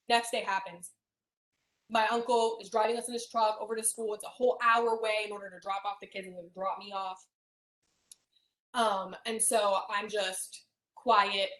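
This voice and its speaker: Soft-spoken woman telling a painful story. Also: mid-range voice, steady tone, normal speed. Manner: often drops to a soft near-whisper. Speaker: hypnosis client. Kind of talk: emotional personal storytelling. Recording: roomy echo.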